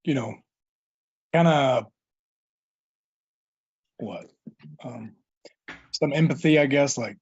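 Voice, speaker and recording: Husky guy playing a tabletop game, lots of ums, dry lo-fi sound. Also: mid-range voice, a little mellow, no echo. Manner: halting, many fillers. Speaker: player. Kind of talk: tabletop role-play.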